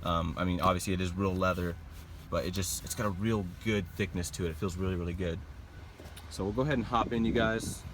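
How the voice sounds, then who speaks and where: Deep-voiced young man touring a car. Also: quick pace, slight background noise. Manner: relaxed, chatty, many fillers like "like" and "you know". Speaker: car reviewer. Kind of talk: casual product walkthrough. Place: inside a car.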